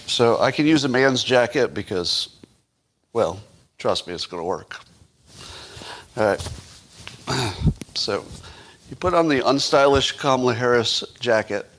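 A man's voice: mid-range voice, lively intonation, unhurried, long pauses, a bit bright, a little hiss or hum. Male commentator, middle-range voice, casual and sarcastic, full of rhetorical questions. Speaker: political commentator.

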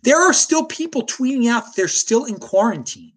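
Male host, combative livestream ranter, very lively pitch, frequent stammered restarts. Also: normal speed. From United States. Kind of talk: ranting livestream commentary, reading viewer chat.

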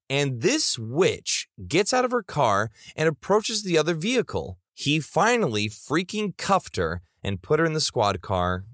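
A man's voice: mid-range voice, fairly bright tone, no room sound, clean studio sound. A man narrating reader stories in a comedic style, with playful asides.

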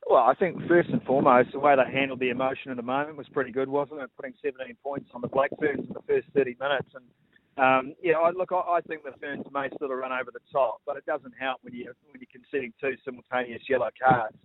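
A man's voice: mid-range voice, quick pace, a little hiss or hum. A man from New Zealand, a sports presenter, giving fluent rugby analysis as a guest on a radio show. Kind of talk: sports radio interview on phone line. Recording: tinny phone line.

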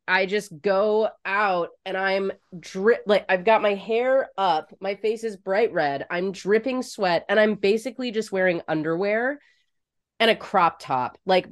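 A woman co-hosting a podcast, telling a frank, crude story in casual chat, swearing freely. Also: mid-range voice. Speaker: podcast co-host.

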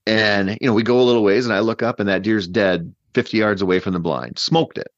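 A man with a fairly low voice tells a long story in a loose, rambling podcast chat. He is animated and talks with many fillers and restarts. His voice comes through a dull, dry mic with little room sound. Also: brisk, no echo. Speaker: podcast guest hunter.

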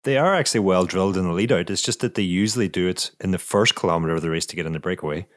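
Deep, dry-voiced man talking cycling. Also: racing, a bit bright, no echo. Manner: thoughtful, repeats words while thinking aloud. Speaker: podcast co-host, former pro cyclist. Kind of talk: casual cycling chat.

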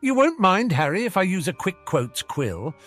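A man voicing a sugary, prying woman reporter in an audiobook reading, his voice pushed well up into a high register. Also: sing-song, normal speed, fairly bright tone, faint music behind. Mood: gushing. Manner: gushing, prying. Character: scheming female reporter, sugary and nosy.

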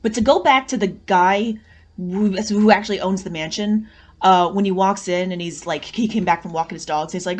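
A woman guest on a podcast, chatting casually about a film, animated and saying "like" often. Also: fairly low pitch, moderate pace. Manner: animated, says 'like' often, acts out lines. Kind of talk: casual movie review chat.

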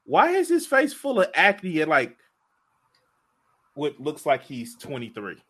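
A man's voice: fairly high pitch, wildly swooping pitch, a little slow, fairly bright tone, breathy edge. A young man hosting a casual podcast chat who talks with laughter and disbelief. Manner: laughing, incredulous.

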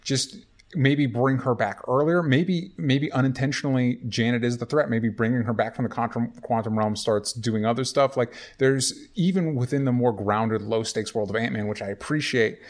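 A man's voice: medium pitch, moderate pace. A man co-hosting a podcast in casual chat, rambling through his points with many restarts. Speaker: podcast co-host.

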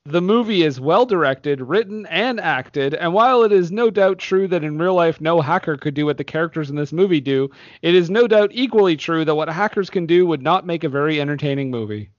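A man's voice: on the high side, expressive, a little fast, hardly any pauses, no room sound, highs cut off. A man hosting a casual movie podcast, laughing often as he reads reviews aloud. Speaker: podcast host.

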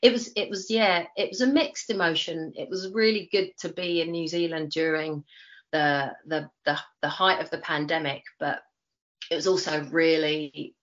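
A woman's voice: deep voice, fairly even intonation, moderate pace. A woman in her forties with a Cockney accent, chatting as an interview guest and telling her story with lots of fillers and restarts. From East London, England. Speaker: interview guest, retired Olympic runner. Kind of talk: casual chat. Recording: dull lo-fi sound.

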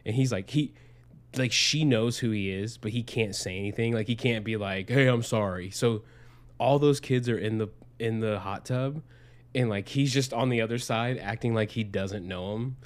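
Young adult man, podcast co-host, loose profane storytelling, slightly low voice. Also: normal speed. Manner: rambling, profane, lots of fillers. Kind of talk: casual storytelling. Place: Arizona.

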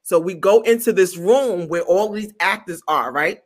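Animated woman comedian telling a story. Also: fairly low pitch, normal speed. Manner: animated, acts out quotes in other voices; stumbles and repeats words. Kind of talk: storytelling in an interview.

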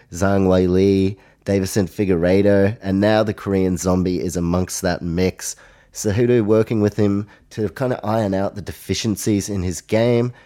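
A man's voice: low voice, dark tone. An Australian man hosting a solo podcast, talking casually through fight predictions with chatty asides. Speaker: podcast host.

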